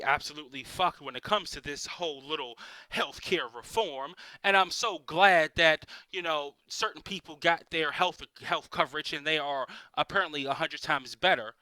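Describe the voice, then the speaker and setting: High-pitched, animated ranting man. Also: dry recording. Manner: profane, exasperated ranting with rhetorical questions. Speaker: amateur stand-up comic. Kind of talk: stand-up comedy rant.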